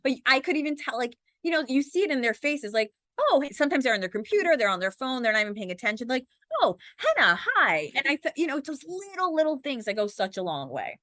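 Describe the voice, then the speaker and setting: A woman news anchor in her forties, talking fast and animated as an interview guest, acting out little quotes. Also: sits high, no room sound, studio quality. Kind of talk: conversational interview.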